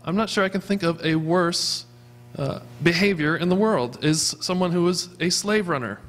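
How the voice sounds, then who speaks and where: A man's voice: high voice, moderate pace, a bit bright. A man preaching a sermon as pastor of a church, earnestly asking his congregation questions. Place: church sanctuary.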